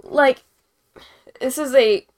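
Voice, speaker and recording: A woman's voice: high-pitched, slow. A young woman hosting a casual live-stream hockey chat, rambling and giggly while she paints as she talks. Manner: rambling, giggly, self-deprecating. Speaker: host.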